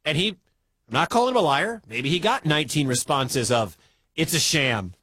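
Midwest guy hosting sports radio, bouncy lively voice, kinda husky, dry close sound. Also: fairly high pitch, fairly quick, no echo. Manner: animated, incredulous, chatty.

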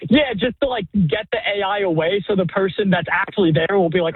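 A man's voice: high voice, a little fast, breathy edge, dry recording. A young man calling a radio show, talking in a chatty way full of "like". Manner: chatty, many "like" fillers. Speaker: caller. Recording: tinny phone line.

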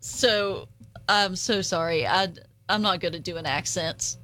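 A woman's voice: fairly low pitch, slow pace, pushed and bright. A woman with an Appalachian accent co-hosting a casual podcast chat, giggling often as she reads out phrases. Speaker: podcast co-host.

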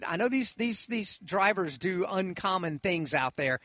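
Male race analyst, bright and forceful, emphatic folksy delivery. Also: high voice, lively intonation, unhurried, dry recording, dull audio. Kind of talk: live radio sports commentary.

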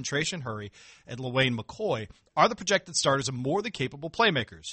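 Fast-talking, bright-voiced sports radio host, lively and emphatic, dry studio sound. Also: male voice, a little high, breathy edge, no room sound. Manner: animated, emphatic. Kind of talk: sports talk banter.

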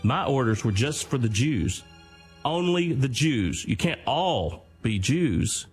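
A man voicing a furious, menacing German army major who speaks in slow, clipped threats. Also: medium pitch, sing-song, husky, faint music behind, pitched above the performer's own voice, exaggerated voice. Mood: cold menace.

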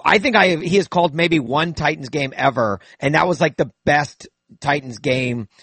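A man's voice: on the high side, moderate pace, fairly bright tone, husky, dry recording. A man chatting casually about football broadcasts, rambling with frequent restarts and fillers. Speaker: co-host. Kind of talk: casual sports chat.

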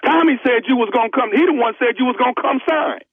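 A man's voice: very high-pitched, fast talker, crowd noise. A man on a prank call voicing an exasperated, pushy male record store clerk who scolds and talks over the other man. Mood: scolding. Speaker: prank caller. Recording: tinny phone line.

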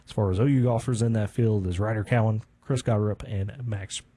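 A man co-hosting a local radio show, reading sports and community news in a relaxed way with fillers. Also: lowish voice, fairly quick. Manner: relaxed, reads items with fillers. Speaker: radio co-host.

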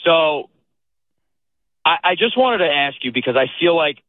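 A man's voice: on the high side, lively intonation, moderate pace, dry recording. A man calling in to a sports radio show, eager and hesitant with many fillers, heard over a phone line. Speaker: caller. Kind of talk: call-in chat.

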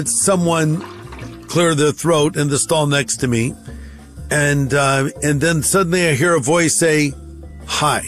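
Pastor, male, a touch high, spirited storyteller who voices the other characters, faint music under him. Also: creaky. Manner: lively storyteller acting out both sides of dialogue. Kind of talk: anecdote told on radio.

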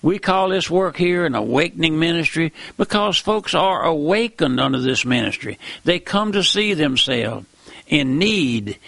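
A man's voice: on the high side, vocal fry, a bit bright, no room sound. A middle-aged man preaching a sermon in a folksy, earnest way, often repeating phrases.

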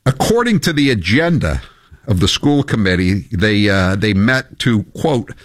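A man's voice: fairly low pitch, big pitch swings, unhurried, no room sound. A male talk radio host, delivering news with wry, offhand asides. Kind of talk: casual talk radio banter.

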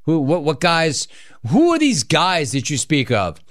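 A man hosting a call-in radio show, bantering and teasing callers in a joking, animated way. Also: on the high side, unhurried, no room sound, studio quality. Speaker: sports radio host.

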